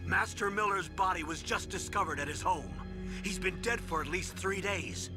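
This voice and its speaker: A man's voice: sits high, normal speed, close to an everyday voice. An actor voicing an urgent older male military commander delivering a briefing in a video game. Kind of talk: video game cutscene acting. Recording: game audio with music.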